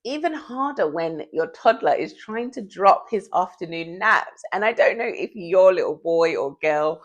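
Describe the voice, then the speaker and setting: Low-voiced woman, short of breath. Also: animated, moderate pace, highs cut off. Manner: chatty and confiding, laughs often. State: often out of breath. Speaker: vlogger. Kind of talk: casual chat to camera. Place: at home.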